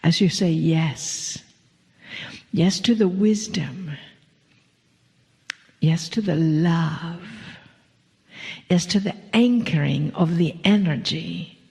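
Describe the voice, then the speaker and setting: Speaking as a collective "we," a woman channels a spiritual message in a gravelly, creaky, fairly low voice. Her delivery is slow and soothing, drifting into breathy whispers and frequent soft chuckles. She's at a live venue with an audience, and a long hall reverb rings around her.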